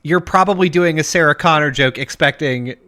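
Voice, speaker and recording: A man's voice: a little high, fairly quick, sharp tone. A man co-hosting a podcast in casual chat, acting out voices in his jokes. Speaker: podcast co-host.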